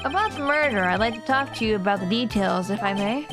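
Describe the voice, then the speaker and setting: A woman's voice: mid-range voice, lively intonation, fast, close to an everyday voice. A woman reading the lines of an earnest young male defense attorney in a level, questioning way. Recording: game music behind.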